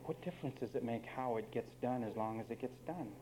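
A man's voice: mid-range voice, quick pace, background noise. A man preaching a sermon, emphatic and wry, speaking straight to the men and women of his congregation.

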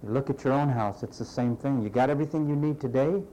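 A man preaching a sermon in a conversational, animated way, acting out the voices of the people he quotes. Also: medium pitch, fast, a little hiss or hum, poor audio. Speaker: pastor.

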